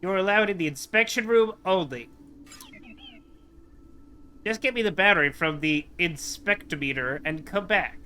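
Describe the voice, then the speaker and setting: Nasal, smug robot game-master type for a game stream, put on by a man; pitched up and bright, a little noise behind. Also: expressive, normal speed, pauses often, clean tone.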